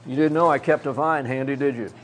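An older pastor from Texas, preaching a sermon in a folksy, self-mocking way. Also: male voice, mid-range voice, fast, a little hiss or hum.

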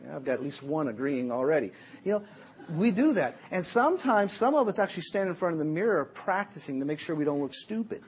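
A middle-aged man preaching a sermon as a Bible teacher, telling jokey, animated stories. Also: a little high, fast, a little hiss or hum.

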